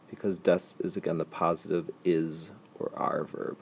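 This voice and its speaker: A man teaching a language lesson over slides, explaining step by step and repeating example sentences slowly and patiently. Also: low-pitched, little pitch movement, gravelly, slight background noise. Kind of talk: recorded slide lecture.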